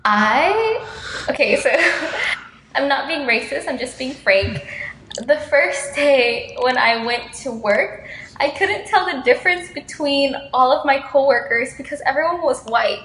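A woman's voice: sits high, lively intonation, a little slow, a bit bright, roomy sound, a little hiss or hum, low-quality recording. A young woman from Houston, Texas, chatting casually and frankly with a friend and laughing often. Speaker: friend in conversation. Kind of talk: casual chat.

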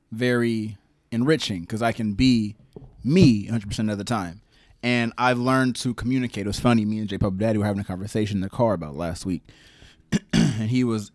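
A man's voice: darkish tone, no echo. A man co-hosting a casual podcast, joking crudely and talking about relationships. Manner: crude joking, swings high when teasing. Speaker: podcast co-host.

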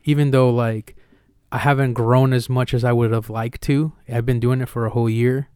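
A male podcast host talking openly in a relaxed, slangy way and swearing freely. His voice is smooth and clear, in a dry, close recording with no room sound. He jumps into lively impressions when he retells a conversation. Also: medium pitch, normal speed, no echo. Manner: candid, swears casually, slangy; acts out retold dialogue with energy.

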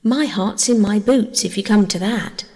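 A woman's voice: mid-range voice, unhurried, mellow, natural voice. A woman voicing an earnest, polite young girl who pleads eagerly, heard in a long reverb.

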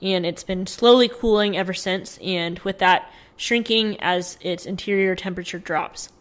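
Give me a woman podcast co-host casually reading out news stories, mid-pitched and chatty. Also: normal speed. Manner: chatty, reads from notes with fillers.

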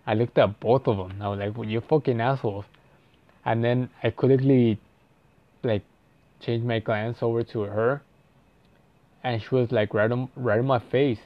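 A man's voice: mid-range voice, steady tone, measured pace, long pauses, no room sound, muffled recording. A young man telling a story casually, rambling and profane, with lots of "like" fillers and restarts.

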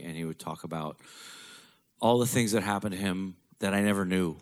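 A man telling a candid personal story in a blunt, profane, conversational way. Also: sits low.

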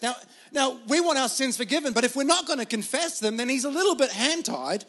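A pastor with an Australian accent tells stories through his sermon in a relaxed, chatty way, filling it with fillers. His very high-pitched voice is brisk, fairly bright, and slightly rough, with lively intonation and hardly any pauses.

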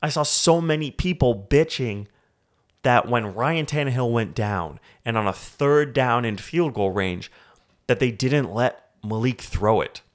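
Casting: Canadian man, podcast host, angry profane football rant, mid-pitched. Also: animated, measured pace. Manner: heated, profane, ranting. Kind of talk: solo sports podcast rant.

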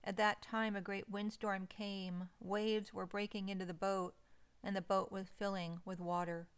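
Smooth-voiced woman giving a devotional. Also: medium pitch, level tone. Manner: slow, soothing, deliberate delivery. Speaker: devotional speaker. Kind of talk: scripted devotional message.

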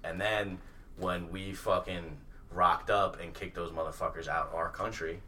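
A man co-hosting a casual podcast chat, animated and profane, often laughing. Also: low-pitched, measured pace, a little hiss or hum. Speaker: podcast co-host. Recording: distant mic with faint ambience.

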